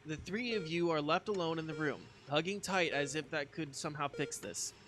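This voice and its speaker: A man's voice: fairly high pitch, normal speed. A man streaming a story game, reading its narration aloud in a casual way with asides, with music playing behind him. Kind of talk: reading game text aloud with live commentary.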